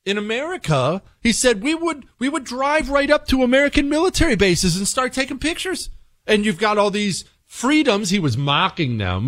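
A man's voice: big pitch swings, normal speed, a bit bright, no echo, clean studio sound. A man hosting a call-in radio talk show, brash and mocking in manner. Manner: brash, mocking, swings pitch wildly for effect.

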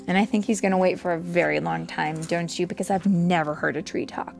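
A woman's voice: on the low side, vocal fry, soft background music. A woman reading a storybook aloud to a child, stopping now and then to chat about the story. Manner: slow, animated, stops to chat with the child.

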